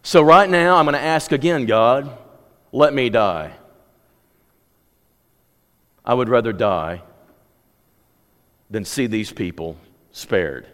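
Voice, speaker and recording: A man's voice: a little high, big pitch swings, moderate pace, voice pushed up. A preacher voicing an angry, sulking male prophet who pleads to die rather than see his enemies spared. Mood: bitter. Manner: petulant, pleading. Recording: long hall reverb.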